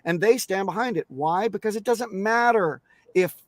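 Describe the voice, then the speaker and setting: A man's voice: high-pitched, normal speed, no room sound, studio quality. A man speaking as a guest on a crypto interview show, emphatic and blunt, swearing casually and restarting his sentences often.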